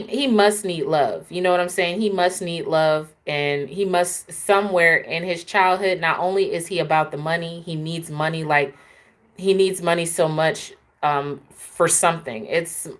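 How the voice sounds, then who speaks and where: Woman, somewhat low voice, casual live chat host, opinionated and chatty. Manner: chatty, opinionated, answers viewers.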